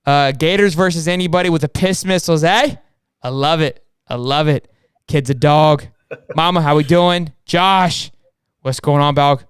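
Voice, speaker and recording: Young dude hosting a sports stream, highish smooth voice, dry sound, all hyped up. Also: male voice, no echo. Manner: hyped, rapid, slangy. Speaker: podcast co-host. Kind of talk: live-stream sports podcast banter.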